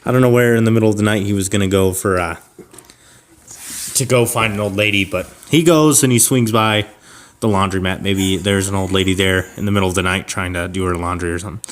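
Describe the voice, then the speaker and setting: A man improvising a comic story on a podcast, rambling with fillers and restarts, and jumping to a shrill falsetto for old ladies. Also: fairly bright tone. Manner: rambling, with fillers and self-corrections. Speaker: podcast co-host.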